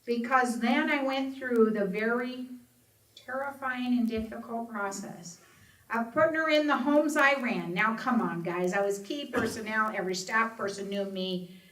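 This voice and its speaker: A slightly high-voiced middle-aged woman speaks unhurriedly to an audience, an Alzheimer's advocate relating her own story and voicing its characters. Her delivery is expressive, with raised voices for quoted lines. It was captured from a distance in an echoey room with faint ambience.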